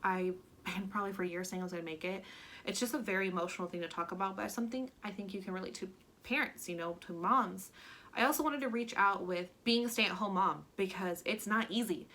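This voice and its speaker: A woman's voice: mid-range voice, quick pace, a bit bright. A young woman who is a stay-at-home mom, chatting candidly through a Q&A vlog and using lots of "like" fillers. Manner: chatty and candid, many "like" fillers, gets emotional. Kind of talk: casual Q&A vlog chat.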